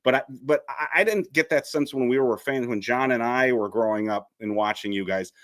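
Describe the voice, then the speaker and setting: A man's voice: medium pitch, brisk, fairly bright tone, no room sound. Rambling male co-host, dry sound. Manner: rambling, restarts. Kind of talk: casual chat.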